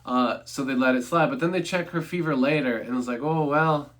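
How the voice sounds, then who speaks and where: A man's voice: medium pitch, brisk, fairly bright tone. A young man casually talking through a movie review on a livestream, rambling and correcting himself with offhand humor.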